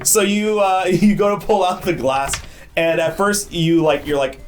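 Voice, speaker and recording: A man's voice: high-pitched, fairly even intonation, faint music behind. A man narrating a live-streamed tabletop game as game master, laughing often and stumbling through fillers. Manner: laughing, halting, filler-heavy storytelling.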